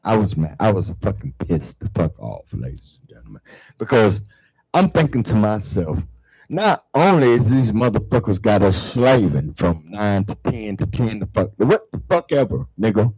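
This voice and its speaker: A man hosting his own show, ranting heatedly to viewers about religion and spirituality, swearing a lot and repeating words, swinging from low mutters to loud outbursts. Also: big pitch swings, moderate pace, breathy edge, no room sound, rough recording. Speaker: online show host. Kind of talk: profane spiritual rant to viewers.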